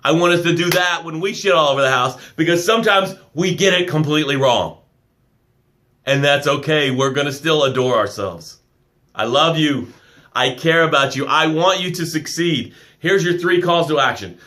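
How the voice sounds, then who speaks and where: A man with a higher-than-usual voice gives an emphatic, affectionate pep talk on a live stream. He reads out viewer comments and swings between loud bursts and quiet asides. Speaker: business coach.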